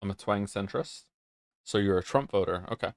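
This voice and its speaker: A young streamer with a fairly low-pitched voice talks at a moderate pace in casual chat with his viewers. He rambles, reads their messages out loud, and gets flustered now and then, recorded at studio quality with no room sound.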